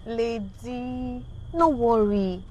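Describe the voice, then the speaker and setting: A smooth-talking nigerian hustler friend in a movie, mellow low-key voice. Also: female voice, very slow, a little hiss or hum. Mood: coaxing. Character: streetwise woman friend pitching a shady deal.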